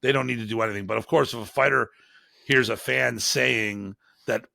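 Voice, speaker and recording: A man from Buffalo, New York, a martial arts instructor telling stories casually as a guest, animated and acting out other people's voices. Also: mid-range voice, normal speed, vocal fry, dry recording, clean studio sound. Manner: animated, acts out quoted voices. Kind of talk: casual storytelling.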